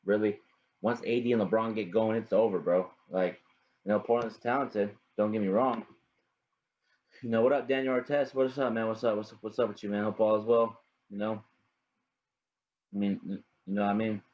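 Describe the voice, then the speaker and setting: A man's voice: fairly low pitch, steady tone, moderate pace, long pauses. A young man hosting his own sports podcast, rambling casually, often repeating "you know what I mean" and greeting viewers by name. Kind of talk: casual solo sports talk. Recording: dull lo-fi home recording.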